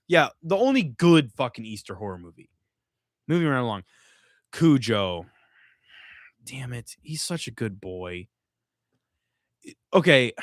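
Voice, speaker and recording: A man's voice: medium pitch, unhurried, pauses often, dry recording, studio quality. A man hosting a casual live stream from home, swearing freely and a little drunk as he rants. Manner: profane, animated ranting. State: tipsy from drinking. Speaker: streamer host.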